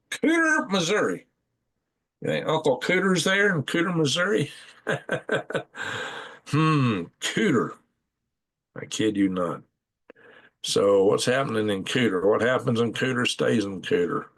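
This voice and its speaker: Man, gravelly, lowish voice, folksy rambling live-stream host. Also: fairly bright tone. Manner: rambling, folksy, thinks aloud while clicking through maps. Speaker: channel host. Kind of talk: casual live-stream commentary. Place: home at night.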